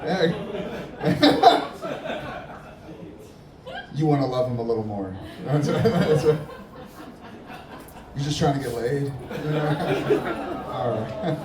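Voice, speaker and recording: Male stand-up comic, teasing and laughing at the crowd, lively delivery, roomy live-club sound. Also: on the high side, slow pace, pauses often. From Middle Eastern heritage, Persian father. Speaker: stand-up comedian. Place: comedy club stage. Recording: echoey room, distant, noisy crowd.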